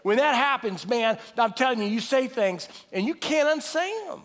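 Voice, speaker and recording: A man in his late fifties preaching a sermon in a folksy, animated way with self-deprecating asides. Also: very high voice, moderate pace. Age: 50s. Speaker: pastor. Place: large church hall. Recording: live sermon with long hall reverb.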